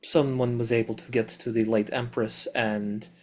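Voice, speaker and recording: Formal, courtly player character. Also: male voice, mid-range voice, level tone, normal speed. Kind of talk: in-character diplomatic speech.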